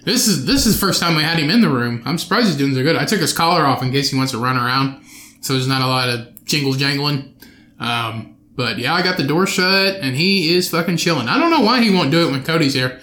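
Alone at his mic in a bedroom home studio with his dog, a young podcast host rants profanely, rambling and interrupting himself. He sounds bright, a bit high and edgy, animated and slightly fast, with echo filling the room.

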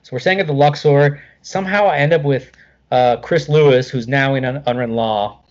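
A middle-aged man telling a casual anecdote as a guest, animated, swearing freely and filling with "like". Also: medium pitch, brisk, dull audio.

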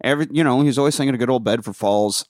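A man's voice: mid-range voice, very fast, darkish tone, no room sound, clean studio sound. A young man, a podcast host, recapping a film in casual crude jokes and acting out the lines. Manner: crude joking, acts out characters in quotes. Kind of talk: casual comedic movie recap.

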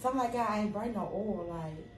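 A woman's voice: medium pitch, a little fast, distant mic. A woman tells a story on a faith talk show, acting out the dialogue. She sits well back from the mic, and the room adds a strong echo. Faint noise runs underneath. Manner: animated storyteller, acts out dialogue with sudden loud laughs. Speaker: podcast co-host.

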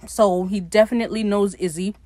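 Woman doing a snarky tv recap, swears a lot, middle pitched voice, dry room. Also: steady tone, a little fast, a little mellow, dry recording. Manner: sarcastic, profane running commentary; acts out quoted dialogue while retelling. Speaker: podcast host recapping a TV series. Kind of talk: casual episode recap.

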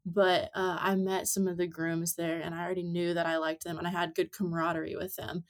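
A woman in her twenties, a guest on a podcast, telling stories in casual chat with plenty of fillers. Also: fairly low pitch. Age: 20s. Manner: chatty storytelling with many fillers. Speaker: podcast guest, amateur rider.

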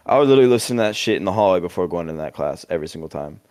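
Lively low-voiced young man. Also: very fast, no room sound, clean studio sound. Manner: animated, chanting, hype interjections. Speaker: podcast co-host. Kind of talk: casual chat.

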